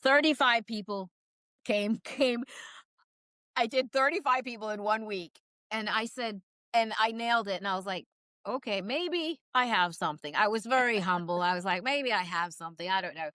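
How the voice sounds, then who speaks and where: A woman guest, a psychic medium, telling stories in a casual interview and acting out quoted voices with quick laughs. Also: mid-range voice, animated, bright, forceful tone, no echo.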